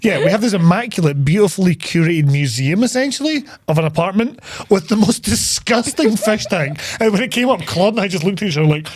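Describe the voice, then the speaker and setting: A man's voice: sits high, a little fast, few pauses, no echo. A man co-hosting a podcast, retelling film scenes in casual, sweary chat. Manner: sweary, animated storytelling. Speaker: podcast co-host.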